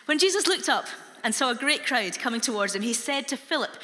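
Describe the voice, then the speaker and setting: A woman reads scripture aloud slowly and deliberately. Her voice is bright and ringing. A long reverb trails each phrase, as in a large hall. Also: high-pitched, lively intonation. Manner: slow, deliberate reading. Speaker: scripture reader.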